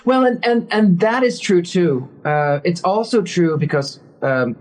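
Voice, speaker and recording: On a casual podcast, a male guest psychic tells animated stories, acting out the dialogue and frequently restarting. His voice is high-pitched and unhurried, and the audio quality is poor.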